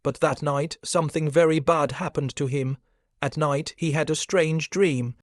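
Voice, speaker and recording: A man narrating a scripted supernatural story in a steady, even storytelling manner. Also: fairly high pitch, moderate pace, dry recording. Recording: dry close recording.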